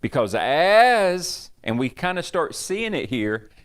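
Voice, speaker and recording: Male pastor, casual Bible-study teacher, animated pitch, conversational and digressive. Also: slow, clean tone. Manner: chatty, digressive, acts out quoted speech. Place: church.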